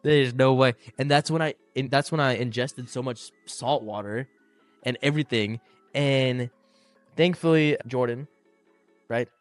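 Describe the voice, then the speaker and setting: A man's voice: medium pitch, measured pace, no room sound, faint music behind. A young man co-hosting a podcast, telling a travel story in casual chat, swearing and acting out other people's lines. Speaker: podcast co-host.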